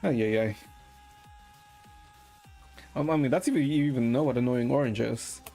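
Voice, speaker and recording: A man streaming and chatting with viewers in a deadpan, rambling way, swearing now and then. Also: mid-range voice, normal speed, vocal fry, soft background music. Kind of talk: casual chat with viewers.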